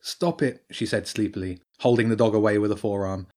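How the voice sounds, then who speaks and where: Calm male audiobook narrator. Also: lowish voice, fast.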